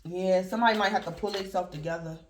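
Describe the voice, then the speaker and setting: Her voice is lowish and quick, with a faint hiss or hum in the recording. This tarot reader chats conversationally through a casual reading, repeating herself and continually speaking to the collective of viewers.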